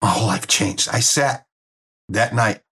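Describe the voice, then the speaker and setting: Husky, low-voiced man telling it plainly. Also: a little slow, a bit bright. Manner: emotional, blunt and plainspoken. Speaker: guest sharing a near-death experience. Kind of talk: candid personal storytelling.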